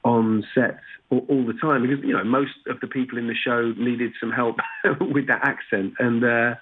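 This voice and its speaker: A husky male voice at middling pitch comes through a thin, phone-like remote line. He talks casually as an interview guest and often stumbles and restarts with filler words. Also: fairly even intonation, moderate pace. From Britain. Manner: frequent restarts and "you know" fillers. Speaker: actor guest.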